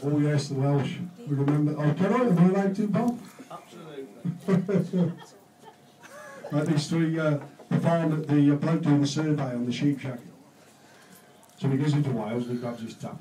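A man's voice: a little high, moderate pace, long pauses, a little hiss or hum. A man telling jokes to friends in a busy pub, swearing and laughing as he goes. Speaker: amateur joke teller. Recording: echoey room from far off with loud crowd.

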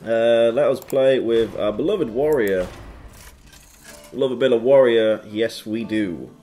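A man's voice: mid-range voice, slow, mellow. A man hosting his own gaming channel, casually commenting on a card game with playful quips and goofy sound effects while reading card text aloud.

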